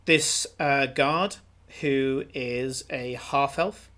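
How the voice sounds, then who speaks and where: A man's voice: mid-range voice, very slow, bright, forceful tone. A man narrating as game master of a tabletop game, rambling with many filler sounds.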